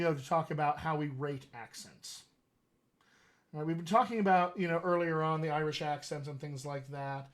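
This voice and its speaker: Chatty male dialect coach. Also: on the high side. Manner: animated, chatty, often laughing. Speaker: dialect coach hosting a live Q&A. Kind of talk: casual live-stream chat.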